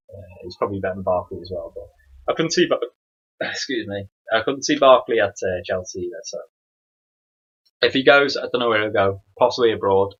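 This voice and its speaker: A young man talks through his opinions in a rambling, loose way, full of ums and asides. His voice sits fairly low and sounds husky. The recording is dull and lo-fi, like a simple home setup. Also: fairly bright tone. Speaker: podcast host. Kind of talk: casual solo football podcast.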